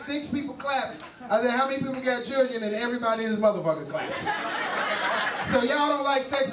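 A man doing a crude stand-up set, telling stories and quizzing the crowd in a live comedy lounge, picked up from a distance. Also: extremely high pitch. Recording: echoey club from far mic with crowd noise.

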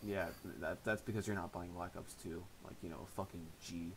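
A man's voice: sits low, fairly even intonation, fairly quick, a little hiss or hum, rough recording. A young man in his late teens streaming a game, chatting casually and swearing a lot at his friend. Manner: crude, swearing trash talk. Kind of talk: casual gameplay stream chat.

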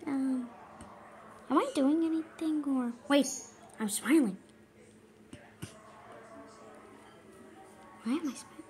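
A woman voicing a squeaky, cheerful male cartoon mouse who rambles nervously while reacting to a video, breaking into frantic yelps. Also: moderate pace, dark tone, slight background noise, natural voice. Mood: uneasy, puzzled. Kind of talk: in-character reaction commentary.

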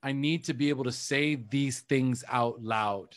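A man's voice: medium pitch, a little slow, dry recording, studio quality. A man coaching a group on a call, telling a candid, emotional personal story in a confessional way. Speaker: life coach.

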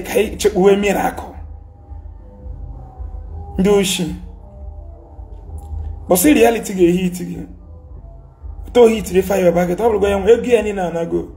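A man's voice: high voice, gravelly, warm tone. A Nigerian man with an Igbo accent, ranting and scolding in a heated social media monologue, mixing Igbo and English and repeating his points. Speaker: commentator.

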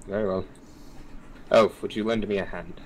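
Man, tabletop player, low voice, formal priest speech, faint background hiss. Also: fairly even intonation, low-quality recording. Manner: formal, measured speech as his priest character. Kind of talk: in-character tabletop role-play.

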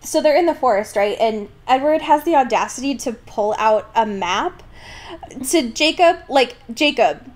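A woman's voice: on the high side, moderate pace. A woman co-hosting a casual podcast, recapping a book with lots of laughs and fillers. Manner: giggly, animated, lots of fillers. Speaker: podcast co-host.

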